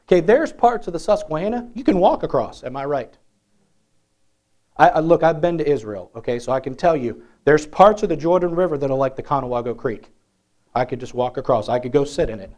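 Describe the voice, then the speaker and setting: A man preaching a sermon in a lively, conversational way, often asking the congregation questions. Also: on the high side. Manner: animated, conversational, asks the crowd questions.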